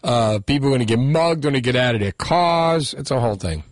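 A man's voice: medium pitch, expressive, a little fast, dry recording, studio quality. A man hosting a call-in radio talk show, sarcastic and mocking. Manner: sarcastic, mocking, puts on voices for politicians.

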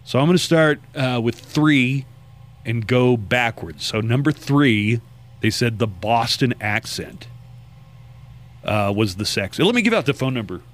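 A man's voice: medium pitch, lively intonation, measured pace. A man hosting a call-in radio talk show, chatting casually and rambling through a list.

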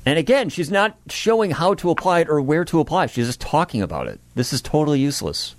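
A man's voice: on the high side, big pitch swings, fast. A man hosting a morning radio show, chatting with the weather presenter in a playful, musing way. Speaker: radio host.

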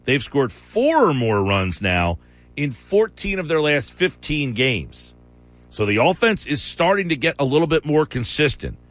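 A man's voice: on the high side, fairly bright tone. A man hosting a sports radio show, chatting casually and challenging his co-host's claims. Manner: argumentative, quick to challenge.

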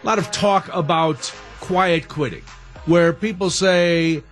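A middle-aged radio host talks in a lively, swinging voice. He sounds jokey and opinionated, and his pitch sits a little high for a man. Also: measured pace, faint music behind. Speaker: radio talk show host. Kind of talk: casual radio talk.

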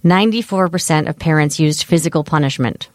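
A woman's voice: low-pitched, fairly quick, no room sound, clean studio sound. A woman cohosting a parenting podcast, chatting and steering the conversation with questions. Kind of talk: casual chat.

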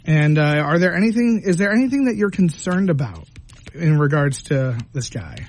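A man doing a tarot reading on a radio show, asking gentle, probing questions. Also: fairly high pitch, big pitch swings, moderate pace, slight background noise, poor audio. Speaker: tarot reader.

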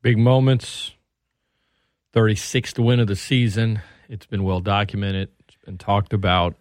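A man's voice: lowish voice, level tone, measured pace, no room sound, clean studio sound. A man co-hosting a sports talk radio show, chatting casually and setting up topics.

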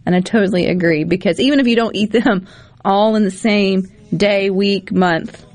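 A woman's voice: medium pitch, fairly even intonation, darkish tone, faint music behind. A woman from Mississippi, co-hosting a casual radio talk show in a chatty, folksy way. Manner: chatty, folksy, quick asides.

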